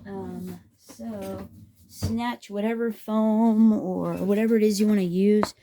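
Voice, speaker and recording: A woman's voice: medium pitch, fairly even intonation, takes it slowly, warm tone, a little hiss or hum. A woman hosting a craft tutorial, chatting and rambling to her viewers as she works, teasing herself along the way. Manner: rambling, talks to viewers as "guys", self-teasing. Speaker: craft video host.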